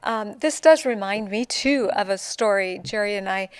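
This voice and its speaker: An older woman co-hosting a church ministry talk show, telling stories warmly with easy laughter. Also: mid-range voice, normal speed, smooth, no echo. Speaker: co-host. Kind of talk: conversational church podcast.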